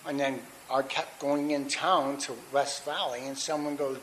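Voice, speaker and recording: A man's voice: a little high, normal speed, few pauses, fairly bright tone, low-quality recording. A middle-aged man telling his recovery story at a meeting, candid and rambling, with restarts and fillers. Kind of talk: personal testimony at a recovery meeting. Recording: faint hiss.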